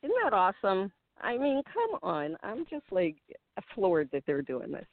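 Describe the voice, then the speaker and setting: A woman's voice: mid-range voice, big pitch swings, measured pace, dry recording. A woman calling in to a radio show, chatting cheerfully and laughing often. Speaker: caller. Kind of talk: casual phone chat. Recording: tinny phone line.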